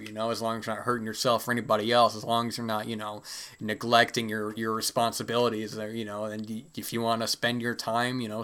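A man's voice: on the low side, bright, forceful tone. A man hosting a solo podcast, talking casually and rambling with many fillers, his throat a little dry. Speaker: podcast host.

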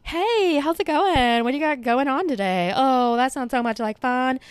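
A bubbly young barista girl chirps one nosy question after another in a high, sing-song voice, as a woman puts her on. She gushes without a pause, and the sound is dry and close. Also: clear, resonant tone, no echo, close to an everyday voice. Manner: gushing, nosy, rapid-fire questions. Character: overly chatty bubbly young female barista.

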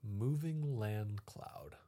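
A man's voice: lowish voice, very slow, dark tone. A young man co-hosting a podcast, chatting casually through a guessing game and laughing often at himself. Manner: laughs often, self-mocking. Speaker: podcast co-host.

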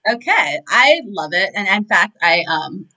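A woman co-hosting a podcast, chatting casually and backing her partner with quick affirmations. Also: medium pitch, rough recording. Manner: animated, affirming with quick "yeah"s. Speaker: podcast co-host. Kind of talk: casual chat.

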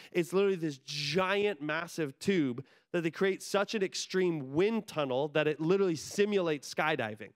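A male pastor with a fairly high voice delivers a sermon to his church. He tells stories with lively, animated energy and climbs into excited, near-shouted bursts when he relives a moment. Warm conviction runs under his talk. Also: clear, resonant tone.

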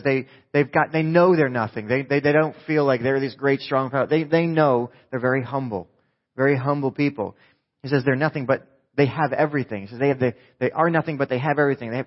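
A man's voice: medium pitch, muffled recording. A man from New Jersey preaching a sermon as pastor, conversational and joking, often asking the congregation questions.

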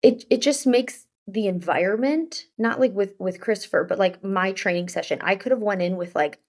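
A woman co-hosting a casual podcast chat in a voice of middling pitch. She rambles through her story with many restarts and "like" fillers. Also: normal speed, darkish tone. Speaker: podcast co-host.

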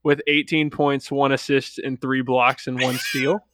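A man's voice: medium pitch, level tone, a little slow, a bit bright, no echo. A man co-hosting a casual podcast who reads out statistics with plenty of likes and hedges. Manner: hedging, filler-heavy, reads out stats. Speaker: podcast co-host. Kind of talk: casual chat.

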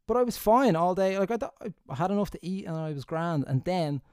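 A man's voice: high-pitched, animated, fairly quick, darkish tone, smooth, dry recording. A young Irish man telling stories casually into a close mic, rambling, laughing and swearing as he goes. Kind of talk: casual anecdotal storytelling. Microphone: close studio mic.

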